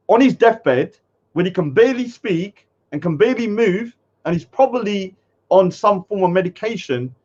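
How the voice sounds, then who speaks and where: A blunt, outspoken man hosts a commentary channel and reads and reacts to comments with open indignation. His voice sits a little higher than usual for a man. The recording is dull and lo-fi. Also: a little mellow. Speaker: commentary host.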